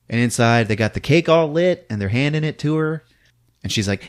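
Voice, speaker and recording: A man casually recapping a horror film on a podcast, acting out shouts and sound effects and laughing as he goes. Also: fairly low pitch, moderate pace. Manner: animated retelling with acted-out shouts and sound effects; laughs often while talking. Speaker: podcast host.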